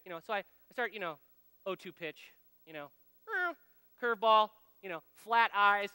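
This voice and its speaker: A man's voice: high-pitched, normal speed, bright, forceful tone, clear, resonant tone, no echo, big-room sound. A man in his thirties or forties giving a folksy, conversational sermon full of personal stories, speaking straight to his audience. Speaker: speaker at a men's ministry gathering.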